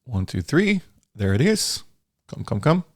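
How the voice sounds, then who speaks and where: A man talks through a software tutorial in a relaxed, chatty way and sometimes restarts his words. His pitch sits in the middle. He is recorded dry at a desk mic. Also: measured pace, dry recording. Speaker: software reviewer. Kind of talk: casual screen-recorded tutorial.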